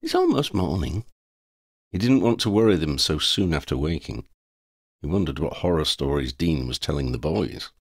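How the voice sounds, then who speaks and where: Deep-voiced man reading a story. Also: normal speed, no room sound, clean studio sound. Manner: expressive storytelling. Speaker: audiobook reader. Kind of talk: reading a fan fiction audiobook.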